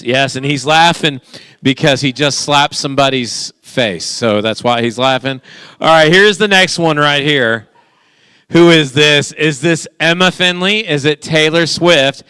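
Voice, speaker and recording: A man's voice: a little high, pushed and bright, clear, resonant tone, no echo, clean studio sound. A man hosting a guessing game for a church youth group, playful and teasing with the teens. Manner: playful, teasing, quick back-and-forth with the group.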